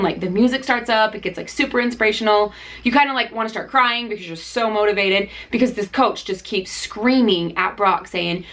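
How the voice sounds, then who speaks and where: A woman host of a DIY vlog retells a story casually. She talks in an animated, chatty way and leans on fillers. Her voice sits at an ordinary middle pitch.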